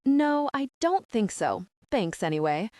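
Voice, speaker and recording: A flustered young woman talks fast and eagerly about her money troubles, as a narrator voices her. Her pitch jumps around a lot, and the sound is dry and close. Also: very animated, a little mellow, no echo. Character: flustered, chatty young woman short on cash.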